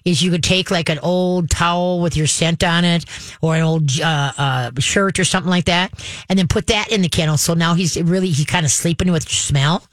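A woman giving puppy training advice on a radio show, folksy and chatty, checking in with a steady stream of "okay?". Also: fairly low pitch, moderate pace, no room sound. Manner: folksy, checks in with frequent "okay?", chants the commands.

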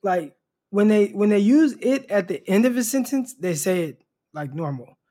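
A man's voice: high-pitched, lively intonation, moderate pace, dark tone. A man co-hosting a casual sports podcast, laid-back and stammering, often repeating his first words. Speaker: podcast co-host.

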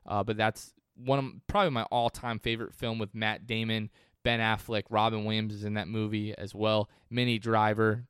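Smooth-voiced man hosting a casual sports podcast. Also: fairly low pitch, little pitch movement, moderate pace, fairly bright tone, dry recording, studio quality. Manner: conversational, digressive. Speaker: podcast host.

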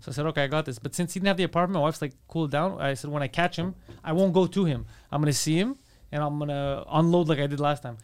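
Fast-talking profane man telling a story. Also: on the high side, smooth. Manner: animated, profane, acts out quotes. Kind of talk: casual storytelling chat.

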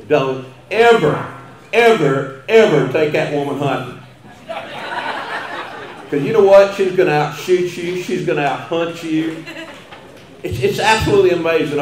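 A man's voice: on the high side, darkish tone, a little hiss or hum. An older man with a Texan accent, giving a humorous after-dinner speech with folksy, chuckling storytelling. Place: banquet hall. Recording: echoey banquet hall.

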